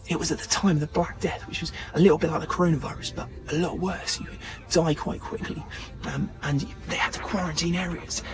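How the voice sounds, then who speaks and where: Chatty storyteller, man, fairly high voice, for children's church. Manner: lively, chatty with fillers.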